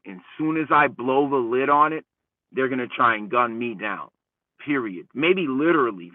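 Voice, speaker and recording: A man vents in a casual, foul-mouthed rant, his voice jumping between raised outbursts and low mutters. The sound is dry and narrow like a phone line, and he sits a bit back from the mic. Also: normal speed, dry recording, far from the mic. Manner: profane, heated, rambling, swings between loud and muttered. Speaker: channel host.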